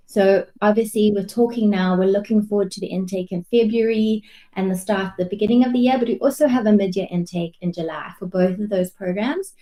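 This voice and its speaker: Measured woman explaining study programmes. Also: mid-range voice, dark tone. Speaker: head of department. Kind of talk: webinar presentation.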